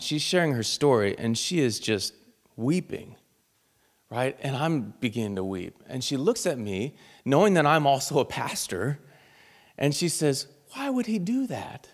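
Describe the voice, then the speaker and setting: A man's voice: medium pitch, long reverb tail. A man, a pastor, preaching a sermon and telling a personal story in an earnest, heartfelt way.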